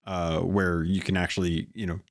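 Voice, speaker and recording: A man hosting a casual gaming podcast, speaking in a measured, explanatory way and prompting his guest. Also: deep voice, little pitch movement, dry recording, clean studio sound.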